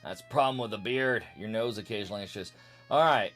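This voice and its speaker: A man's voice: on the low side, fast talker, a bit bright, soft background music. A man streaming a retro game, joking casually and skipping the game's text with strings of blah blah and meow. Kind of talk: casual let's-play commentary.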